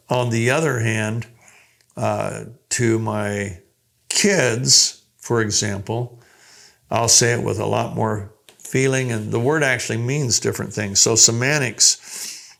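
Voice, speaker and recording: A man's voice: mid-range voice, steady tone, takes it slowly, vocal fry, a bit bright. An older man giving a conversational lesson on communication as a coach, acting out short quoted lines as he teaches. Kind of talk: teaching talk to a group.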